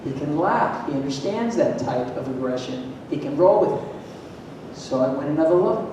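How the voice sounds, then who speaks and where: A man from Florida giving a lively, emphatic talk to an audience, asking them questions, heard from a distance in a large hall. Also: moderate pace. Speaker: motivational speaker at a school event. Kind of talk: energetic public talk to an audience. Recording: echoey hall, distant mic, faint rumble.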